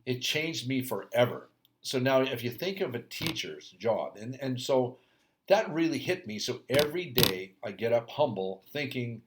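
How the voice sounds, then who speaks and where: A man's voice: medium pitch, big pitch swings, moderate pace, background noise. A middle-aged man and hockey coach, talking through a casual reflective rant, rambling with many restarts.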